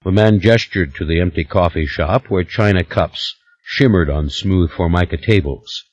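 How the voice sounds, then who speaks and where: A man narrating an audiobook in a measured, expressive reading voice. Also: low-pitched, dry recording, highs cut off. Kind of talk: scripted narration.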